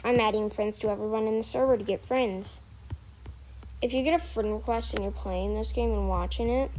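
A woman's voice: on the high side, steady tone, fairly quick, darkish tone, rough recording. A female gamer chatting casually over her gameplay, rambling, correcting herself mid-sentence and slipping into mock outrage. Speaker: gameplay streamer.

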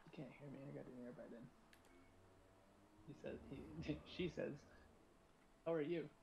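A man's voice: mid-range voice, moderate pace, vocal fry, noisy background. A man chatting and laughing often with friends while fumbling through game menus. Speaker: gamer in a party chat. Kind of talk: casual chat.

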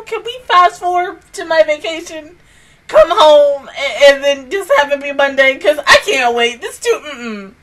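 Young woman w/ a doing anime reactions, kinda high voice, cusses a lot, goes from yelling to whispering. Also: measured pace, poor audio. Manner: excitable, swears freely, swings from loud outbursts to hushed whispers. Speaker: anime reaction channel host. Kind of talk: reaction video commentary.

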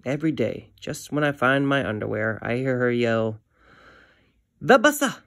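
Male teacher reading a comic to kids, gravelly voice, dry close sound, friendly read-aloud. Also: medium pitch, moderate pace, no echo.

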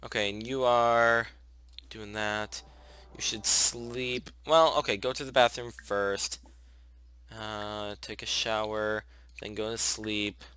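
Young male let's-play host, chatty with his game characters, bright clear tone. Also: on the low side, little pitch movement, takes it slowly. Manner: chatty, talks to his game characters, gushes at cute moments. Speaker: gaming channel host. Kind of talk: casual let's play commentary. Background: soft background music.

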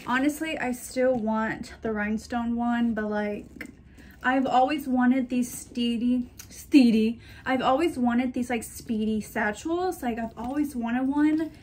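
A woman's voice: on the high side, measured pace, darkish tone, slight background noise. Chatty young woman gushing over her buys. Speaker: shopping vlogger. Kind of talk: casual chat to camera.

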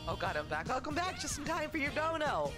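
A woman's voice: high-pitched, sing-song, fairly quick, over music. A woman livestreaming a charity stream, talking in a gushing, emotional way with a lot of rambling and fillers. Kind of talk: casual livestream chat.

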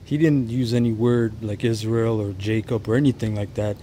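Mellow-voiced man reading scripture. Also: on the low side, fairly even intonation, a little hiss or hum, low-quality recording. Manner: stumbles and restarts, reads verses slowly. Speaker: commentator. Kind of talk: reaction commentary with scripture reading.

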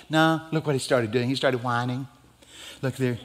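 A man delivers a sermon from the pulpit with dramatic, emphatic delivery that swells to loud peaks. His voice sits a little high for a man. The long reverb of the church hall trails after each phrase. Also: moderate pace. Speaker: guest pastor. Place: church sanctuary.

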